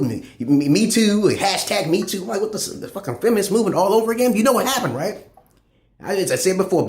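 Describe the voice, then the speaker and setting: Man, rapid rambling rant, profane, echoey room. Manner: profane and rambling, swinging loud and high. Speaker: channel host. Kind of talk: ranting monologue.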